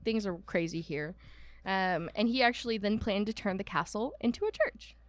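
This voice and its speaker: A woman's voice: mid-range voice, moderate pace, no echo. A woman from Ohio co-hosting a podcast, telling a ghost story in casual chat with lots of ums. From Ohio, United States. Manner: chatty, many ums, laughs at herself. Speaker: podcast co-host.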